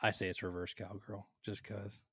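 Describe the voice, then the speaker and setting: A man's voice: fairly low pitch, little pitch movement, normal speed, creaky, a bit bright, husky, no echo, studio quality. Teasing blunt podcast co-host man. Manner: teasing, blunt, asks questions. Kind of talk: crude casual chat.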